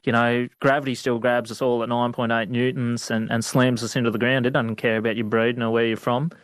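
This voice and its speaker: A young Australian man with an average-pitched voice recounts his travels in a relaxed, rambling way. He leans on fillers and slips into acted quotes. The sound is dry and close-miked. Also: fairly quick, clean tone, no room sound. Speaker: guest, outback vet. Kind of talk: storytelling interview.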